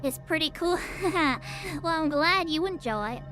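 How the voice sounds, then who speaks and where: A woman's voice: sits high, lively intonation, a little slow, music in the background. A woman streamer giving chatty, playful, self-mocking commentary while playing a game. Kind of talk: casual gameplay commentary.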